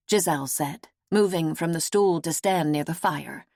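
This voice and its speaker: A woman narrating an audiobook in a slow, even storytelling manner. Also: low-pitched, no room sound, studio quality. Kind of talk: scripted narration.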